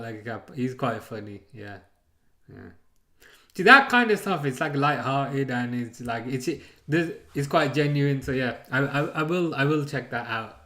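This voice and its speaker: A man's voice: mid-range voice, normal speed, pushed and bright. A man hosting a live football watchalong, chatting casually, rambling and chuckling as he reads out chat messages.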